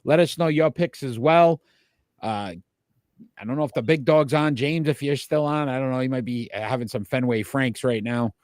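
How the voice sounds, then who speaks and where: A man hosting a casual sports talk show, chatty and quick to laugh, calling out to his live viewers. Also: medium pitch, darkish tone, no room sound, clean studio sound. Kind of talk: casual sports picks chat.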